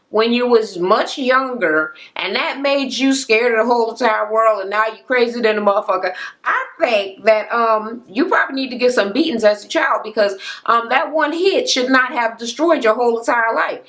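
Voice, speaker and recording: A woman's voice: on the high side, normal speed. Blunt, profane woman ranting a recap. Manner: exasperated, animated. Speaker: reality TV recap vlogger.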